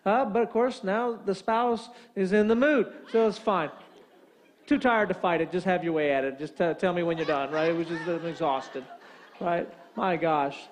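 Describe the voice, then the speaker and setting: A male pastor telling a humorous story in a sermon, reeling off rapid lists of chores and often checking in with "right?". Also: sits high, a little hiss or hum. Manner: animated joke-telling, rapid-fire lists, frequent "right?".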